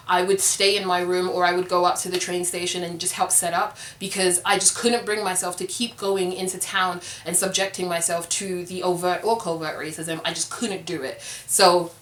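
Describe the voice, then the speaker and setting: A woman's voice: on the low side, fairly bright tone, roomy sound. Candid young woman telling a story. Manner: candid, conversational, many "like" fillers. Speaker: vlogger. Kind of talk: personal storytelling to camera.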